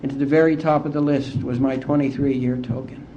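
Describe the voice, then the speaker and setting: A middle-aged man from West Virginia shares his recovery story at an AA conference, his voice soft and mellow. He moves through the memories unhurried and heartfelt. The old conference tape sounds dull and muffled, with a faint hiss behind him. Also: mid-range voice, steady tone. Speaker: AA speaker.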